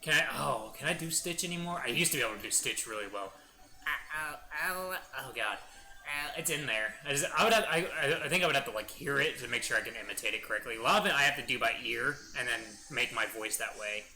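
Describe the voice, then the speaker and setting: A man's voice: mid-range voice, fast talker, poor audio. A young man giving casual gameplay commentary, playful and rambling as he tries out silly voices. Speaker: gaming YouTuber.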